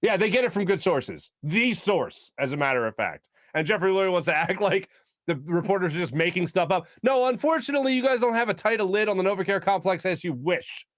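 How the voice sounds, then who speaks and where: A man's voice: high voice, lively intonation, brisk, fairly bright tone, no echo. A man hosting a sports talk show, giving casual, sarcastic, opinionated commentary and laughing at his own jokes.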